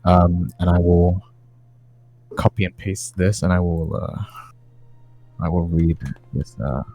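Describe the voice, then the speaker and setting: A man's voice: sits low, steady tone, slow, gravelly, muffled recording, faint music behind. A man running a tabletop game as game master, narrating in a laid-back way with frequent fillers.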